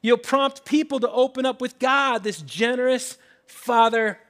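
A man's voice: very high-pitched, unhurried, fairly bright tone. A man preaching a sermon in an emphatic, conversational way, often repeating his phrases. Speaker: pastor.

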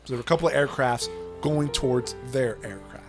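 With music playing behind him, a podcast co-host in a mid-range voice talks a little fast as he retells a story in casual chat. He swears freely and acts out the quotes in an animated way.

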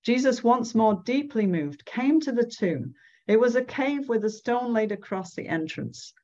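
A woman giving devotional Bible teaching, reading scripture aloud and explaining it slowly. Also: fairly high pitch, animated, warm tone, dull audio. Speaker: speaker at a church gathering.

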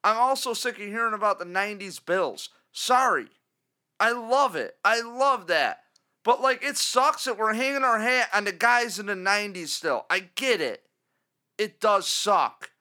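Bright-voiced man ranting on a podcast. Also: sits high, a little slow. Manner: ranting, animated, mock caller impressions. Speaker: podcast co-host. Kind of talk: casual sports podcast chat.

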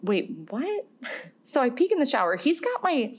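A woman's voice: high voice, very animated, normal speed. A woman in her thirties hosting a podcast, telling a story in a chatty, self-deprecating way and laughing often. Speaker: podcast host. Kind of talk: casual storytelling.

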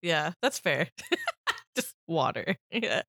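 Brief: female co-host, bright tone, lively pitch, laughs a lot, dry mic. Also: slow, slightly rough, dry recording. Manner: giggly, laughs often. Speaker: podcast co-host. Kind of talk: casual chat.

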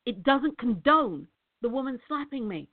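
Emphatic middle-aged woman, motivational speaker, high voice, repetitive, tinny phone-quality audio. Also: big pitch swings, moderate pace. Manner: emphatic, repeats words, addresses viewers as guys. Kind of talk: direct-to-camera motivational talk.

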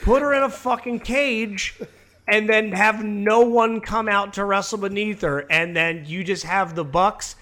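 A man's voice: high voice, unhurried, sharp tone. A man co-hosting a wrestling podcast, rambling through crude jokes, swearing freely and laughing at his own bits. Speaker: podcast co-host.

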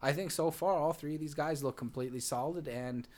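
A man's voice: on the high side, a little fast, a little mellow. A man co-hosting a casual wrestling podcast, agreeable and chatty with frequent restarts. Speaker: podcast co-host.

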